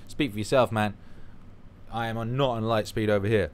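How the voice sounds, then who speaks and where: A man's voice: fairly low pitch, fairly even intonation, moderate pace. A man hosting a livestream, reading out viewer comments in a rambling, playful, profane chat. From United Kingdom. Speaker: livestream host.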